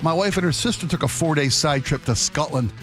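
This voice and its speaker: A man's voice: fairly high pitch, a little fast, fairly bright tone, faint music behind. A man co-hosting a radio talk show, bantering playfully and laughing a lot. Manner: playful, joking, laughs often. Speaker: radio co-host. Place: radio studio. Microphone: studio microphone.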